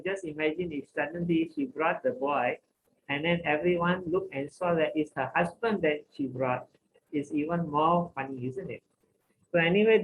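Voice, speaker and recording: A man teaching, telling a devotional story in a lively way and acting out each character. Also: a little high, a little hiss or hum, poor audio.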